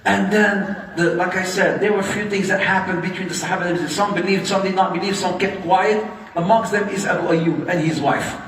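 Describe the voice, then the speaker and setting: High-voiced male preacher in echoey hall. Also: fairly quick. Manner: animated storyteller, acts out quoted speech; laughs often, mixes in Arabic phrases. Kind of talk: storytelling sermon. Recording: very echoey hall, distant mic.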